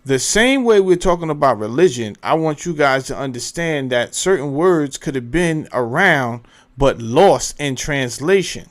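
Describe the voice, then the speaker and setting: A man's voice: a little high, lively intonation, measured pace. Rambling man thinking aloud. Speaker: host. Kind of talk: casual commentary while browsing clips.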